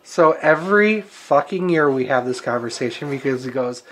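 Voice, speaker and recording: A man's voice: medium pitch, lively intonation, normal speed, fairly bright tone. A man co-hosting a wrestling podcast in casual chat, swearing freely and laughing often. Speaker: podcast co-host.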